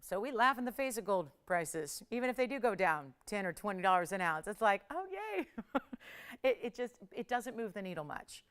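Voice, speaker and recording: A woman's voice: medium pitch, animated, a little fast, hardly any pauses, fairly bright tone, smooth. A middle-aged woman hosting a live jewelry sales show, chatty and upbeat with bursts of laughter. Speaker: shopping channel host.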